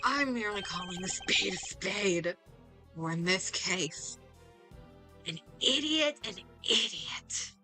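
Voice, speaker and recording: A woman's voice: mid-range voice, expressive, slow, sharp tone, soft background music, pitched below the performer's own voice. A woman voicing a pompous, scheming older male villain, reading game dialogue aloud with a sneering, condescending manner.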